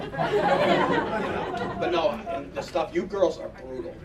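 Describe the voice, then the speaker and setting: A middle-aged man with a high, bouncy voice barrels through a crude, profane stand-up set. He is picked up from a distance in an echoey room, with a loud crowd laughing over him. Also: animated, takes it slowly, long pauses, heavy background noise. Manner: brash, profane, rambling with "you know what I mean". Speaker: stand-up comedian. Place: live comedy venue with audience.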